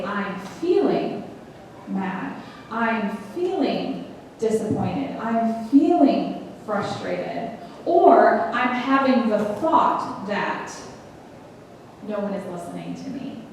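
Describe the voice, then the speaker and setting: A woman's voice: mid-range voice, darkish tone, slight background noise. A woman giving an earnest, conversational teaching talk, reading scripture aloud and speaking to a group about emotions. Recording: echoey hall from far off.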